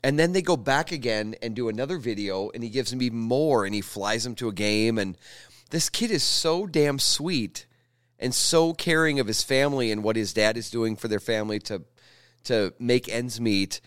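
A man hosting a casual podcast chat, telling stories with animated emotion. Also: mid-range voice, moderate pace, clean tone, dry recording, clean studio sound.

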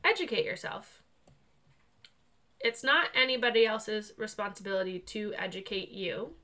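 A young woman co-hosting a podcast in casual chat, bubbly and quick to laugh. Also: mid-range voice, lively intonation, pushed and bright. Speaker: podcast co-host.

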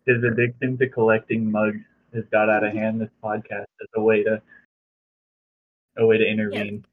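A man's voice: fairly low pitch, monotone, normal speed, breathy edge. A young man, a podcast co-host, talking in a laid-back way on a casual chat show. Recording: tinny phone-like sound with faint hiss.

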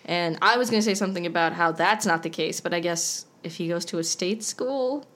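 A woman's voice: lowish voice, fairly quick. Chatty woman podcast co-host. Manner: chatty, animated quoting, fills in partner's points. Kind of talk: casual recap chat.

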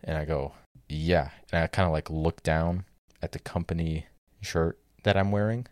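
A man's voice: low-pitched, steady tone, moderate pace, dry recording, clean studio sound. A young man telling stories in casual chat, exasperated and sardonic, swearing freely. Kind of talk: casual storytelling rant.

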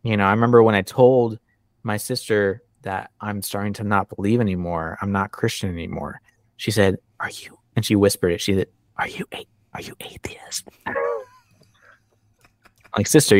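A man hosting a podcast, chatting casually, animated and laughing as he acts out what others said. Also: fairly low pitch, moderate pace, no echo, clean studio sound. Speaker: podcast host. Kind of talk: casual conversation.

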